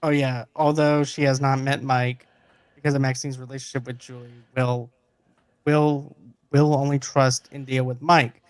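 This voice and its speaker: A man hosting a casual movie review chat, recapping the plot in a lively way and quoting the characters. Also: mid-range voice, moderate pace, clear, resonant tone, no room sound. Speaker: podcast host.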